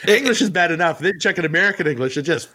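A man's voice: fairly high pitch, expressive, fast talker, sharp tone. A man co-hosting a podcast in casual chat, ranting and joking with plenty of swearing. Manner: profane ranting, jokey. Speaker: podcast co-host.

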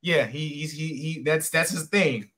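A man's voice: on the high side, a little slow, crowd noise. A man hosting a podcast, telling stories in casual chat with lots of fillers and restarts. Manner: rambling storyteller with many fillers and restarts. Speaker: podcast host.

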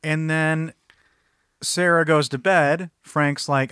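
A man's voice: fairly high pitch, steady tone, takes it slowly, pushed and bright, clean tone, no room sound, clean studio sound. A man co-hosting a podcast, chatting casually about a film in a rambling, jokey way. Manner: rambling, jokey, self-interrupting. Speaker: podcast co-host.

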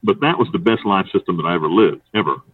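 A man's voice: sits low, quick pace, slightly rough, no room sound. A man from North Carolina telling long, profane stories in an interview, rambling and quoting others as he goes. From North Carolina, USA. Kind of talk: storytelling interview. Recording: tinny distant phone line.

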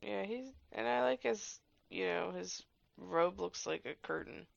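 A woman's voice: lowish voice, measured pace, gravelly, lo-fi sound. A young woman co-hosting a podcast, gushing and joking wryly as she watches a movie. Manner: gushing and wry, lively swings. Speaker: podcast co-host. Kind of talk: casual movie watch-along chat.

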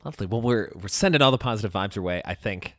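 A man's voice: on the low side, lively intonation, fast, fairly bright tone, no echo. A man hosting the interview, encouraging the guest and winding the talk to a close. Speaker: podcast host. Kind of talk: interview host wrap-up.

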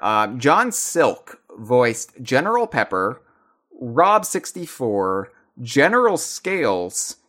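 A man's voice: fairly low pitch, a bit bright. A man co-hosting a podcast, rambling enthusiastically with frequent restarts as he talks through his thoughts. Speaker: podcast co-host. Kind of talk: casual chat.

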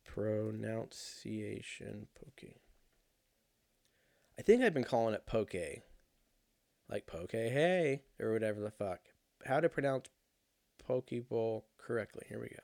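A young man telling a rambling, profane story in a casual monologue, animated and laughing at himself. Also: lowish voice, measured pace, vocal fry, pauses often, no room sound, clean studio sound.

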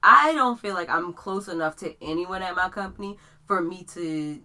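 A young woman co-hosts a podcast in easygoing casual chat. Her voice sits a little low yet rings bright and forward. She talks in relaxed slang and laughs often. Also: moderate pace. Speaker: podcast co-host.

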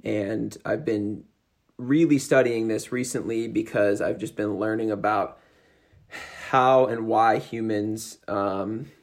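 A man's voice: on the low side, fairly even intonation, slow pace. Man hosting a casual interview. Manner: rambling questions with many fillers. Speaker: podcast host.

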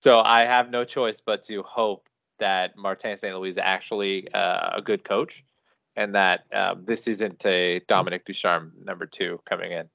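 Gravelly laid-back man talking hockey. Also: sits low, little pitch movement, measured pace, sharp tone, no echo. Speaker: podcast co-host. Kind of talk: casual sports chat. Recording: dull dry lo-fi sound.

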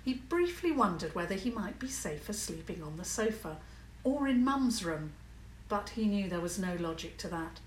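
A woman narrating a children's story in a calm, measured way. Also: medium pitch, reverberant, distant mic, a little hiss or hum, low-quality recording.

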